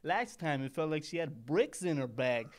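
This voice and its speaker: A man's voice: a little high, lively intonation, moderate pace, close to an everyday voice. A man voicing a poor, rambling small-time mafia henchman who talks like a tough guy and keeps digressing, as a comedic monologue. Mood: grumbling.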